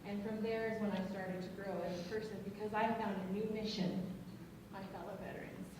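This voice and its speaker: A woman's voice: medium pitch, flat delivery, darkish tone, slight background noise. Emotional woman in an echoey hall. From Colorado. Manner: earnest, emotional, halting at times. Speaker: student veteran speaker. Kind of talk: personal testimony speech. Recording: echoey hall, distant mic.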